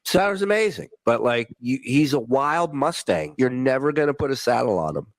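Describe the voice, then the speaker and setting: A man's voice: medium pitch, animated, moderate pace, dry recording. A man telling boastful, profane showbiz anecdotes in a clip from his own podcast. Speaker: podcast host in played clip. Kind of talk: brash anecdotal storytelling.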